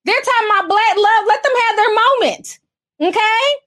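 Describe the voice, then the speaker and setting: Sassy high-voiced woman livestream host. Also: moderate pace. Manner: sassy, animated, chatty with mocking voiced quotes. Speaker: livestream host reading super chats. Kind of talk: casual celebrity gossip commentary.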